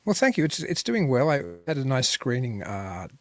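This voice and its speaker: A man's voice: medium pitch, big pitch swings, normal speed. A man hosting a podcast interview, upbeat and chatty, often repeating his words. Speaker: podcast host. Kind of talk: casual interview.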